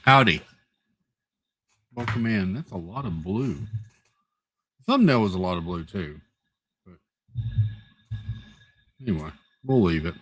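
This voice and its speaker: A man's voice: deep voice, animated, slow pace, long pauses, fairly bright tone, slightly rough, dry recording. A man hosting a live stream, chatting casually and greeting viewers one by one in a rambling, playful way while nursing a headache. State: has a headache.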